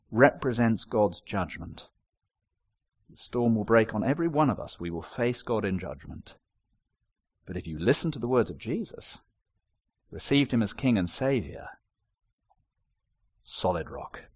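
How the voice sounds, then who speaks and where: Older man, sermon, animated swooping delivery, wry storytelling, dull lo-fi sound. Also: lowish voice. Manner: expressive storytelling with wry humour. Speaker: preacher.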